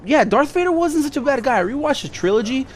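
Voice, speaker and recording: A man's voice: very high-pitched, lively intonation, quick pace, a little hiss or hum. A man vlogging casually, telling stories in a flippant, rambling way with asides to his viewers. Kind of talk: casual storytelling to camera.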